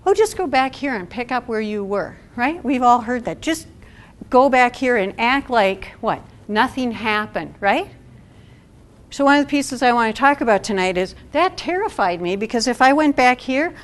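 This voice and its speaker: Woman giving a lively talk to an audience. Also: fairly high pitch. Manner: conversational, engages audience with questions. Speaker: speaker at a support event.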